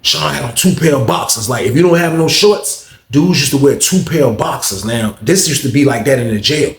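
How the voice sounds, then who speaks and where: A man telling a story casually, animated and slangy, acting out the people in it. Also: medium pitch, a little fast. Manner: animated, slangy, voices characters. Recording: roomy echo.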